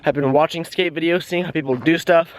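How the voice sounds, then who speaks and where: A young man vlogs casually while walking an outdoor trail, talking into a handheld camera aimed at his face. His voice is on the high side, steady in tone, a little fast, with no echo. Out of breath, he rambles off on tangents and gets easily distracted.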